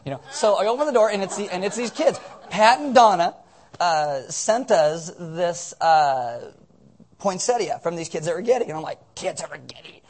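An animated man with a high-sitting voice speaks at a moderate pace. He's a pastor on cold medicine, drowsily rambling and joking, self-mocking as he handles announcements during a casual sermon.

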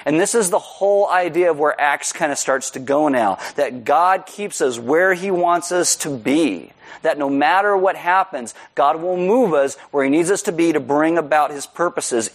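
A man preaching a sermon, joking about himself and acting out a story with loud, high shouted quotes. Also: lively intonation, moderate pace. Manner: joking, self-deprecating. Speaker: pastor.

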